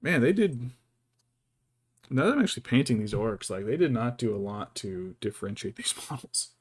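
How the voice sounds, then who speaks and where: A man's voice: mid-range voice, animated, normal speed, slightly rough, no echo. A man chatting casually as he paints miniatures, thinking aloud and muttering to himself. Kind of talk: casual chat while working.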